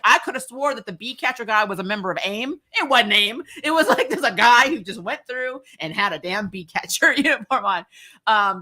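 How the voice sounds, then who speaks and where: A woman chatting casually as a podcast guest, animated and ranting, laughing often. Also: medium pitch.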